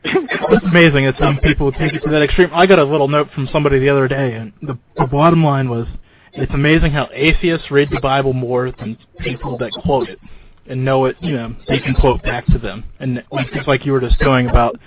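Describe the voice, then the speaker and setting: A man's voice: medium pitch, fairly even intonation, fairly quick. Casual male talk radio host. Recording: dull lo-fi radio with faint noise.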